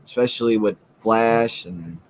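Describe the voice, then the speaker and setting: A man co-hosting a casual live show, talking in a halting way with frequent fillers and restarts. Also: on the low side, slight background noise, low-quality recording. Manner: halting, lots of uh and you know, restarts. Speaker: co-host. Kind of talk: casual chat about comics and TV.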